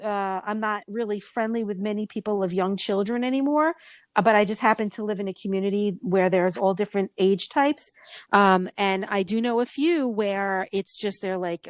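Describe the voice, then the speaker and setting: Middle-aged female podcast host, chatty and expressive, recorded dry and close. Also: medium pitch, moderate pace, no echo. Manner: animated storyteller, acts out quoted voices. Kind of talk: casual chat.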